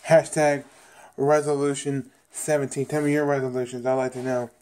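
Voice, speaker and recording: Here the same kind of rambling TV episode recap comes at a normal speed, in a medium-pitched, darkish male voice with little pitch movement. Talking casually to viewers, he repeats himself a lot and performs the characters' lines.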